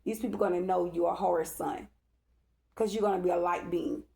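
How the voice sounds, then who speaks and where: A woman's voice: on the low side, steady tone, fairly quick, creaky, warm tone. A woman, a spiritual reader, telling a rambling, emphatic story to her followers and often checking in with "okay?". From Dallas-Fort Worth area, Texas. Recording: echoey room.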